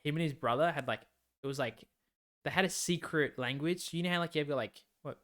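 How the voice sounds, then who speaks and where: Male podcast co-host, easygoing, a touch high-pitched. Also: fairly quick, a bit bright. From Australia. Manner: laid-back, swears freely, laughs often. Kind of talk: casual chat.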